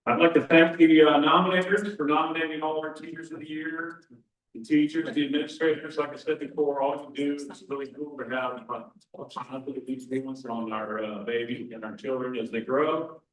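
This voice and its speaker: A man's voice: a little high, steady tone, normal speed. A man acting as club president, giving informal thank-yous and announcements at an event, with many fillers. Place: event hall. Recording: roomy hall, distant mic.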